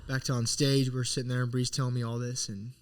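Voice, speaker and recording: A man co-hosting a podcast, chatting casually. He tells a story earnestly and rambles, often breaking off and starting his sentences again. His voice sits at a middling pitch. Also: flat delivery, fast talker. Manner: earnest, rambling retelling with frequent restarts. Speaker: podcast co-host.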